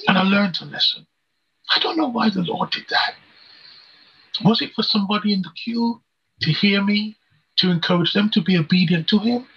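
A man's voice: high-pitched, normal speed, long pauses, husky. A man preaching a sermon, telling a personal testimony in an earnest storytelling way with rhetorical questions. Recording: dull lo-fi recording.

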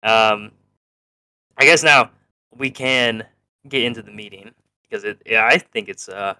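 A man's voice: fairly low pitch, a little slow, pauses often, bright, forceful tone, clean tone, no echo. A man co-hosting a podcast, recapping an episode in casual chat, laughing often and acting out characters' lines. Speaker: podcast co-host.

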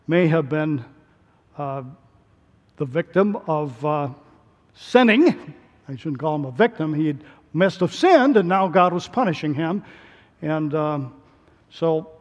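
A male pastor delivering a sermon in an animated way, his voice rising to emphatic peaks. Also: on the high side, muffled recording. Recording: long hall reverb.

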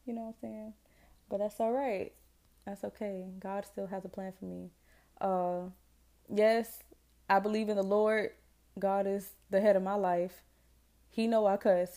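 A woman's voice: mid-range voice, little pitch movement, normal speed, warm tone. A woman in her twenties from Jacksonville, Florida, with a Southern accent, chatting casually and slangily as she hosts her own podcast. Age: 20s. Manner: chatty, rambling, self-deprecating, slangy. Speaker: podcast host. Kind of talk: casual solo podcast chat.

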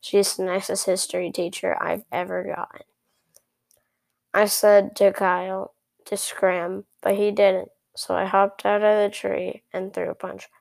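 Chatty storyteller woman with vocal fry. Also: mid-range voice, a little mellow, dry recording. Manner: chatty and rambling, with sarcastic asides. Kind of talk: casual first-person story narration.

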